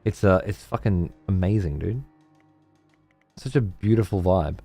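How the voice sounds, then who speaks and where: A man streams a strategy game in a low, relaxed voice. He chats with viewers and mutters to himself, swearing freely. Faint music runs underneath. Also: unhurried, creaky, breathy edge. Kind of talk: casual gameplay commentary.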